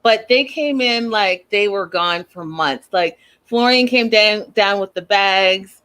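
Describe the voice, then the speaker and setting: A woman's voice: medium pitch, slow. Sassy woman recapping a reality show. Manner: animated, sassy, slangy. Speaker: host.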